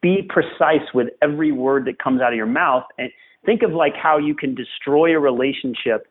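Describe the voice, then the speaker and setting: A man speaking as a podcast guest, coaching parents in an earnest, emphatic way and hammering home key phrases. His voice sits at an average pitch. It comes through a narrow, tinny remote line that sounds like a phone call. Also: moderate pace. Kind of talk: podcast interview, advice.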